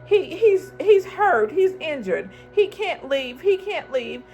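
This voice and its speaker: A woman voicing an overwhelmed, sharp-tongued middle-aged woman in a raised, pleading voice with gravel in it. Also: very animated, takes it slowly, faint music behind, full character voice. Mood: distressed pleading. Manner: high-pitched pleading, then snapping.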